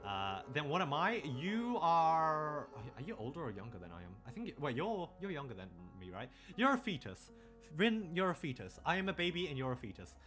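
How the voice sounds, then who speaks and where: A young man with an Australian accent talks loosely through a late-night stream, drifting from one tangent to the next and swearing casually. His voice sits a little higher than most men's, with soft music playing faintly underneath. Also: big pitch swings, moderate pace.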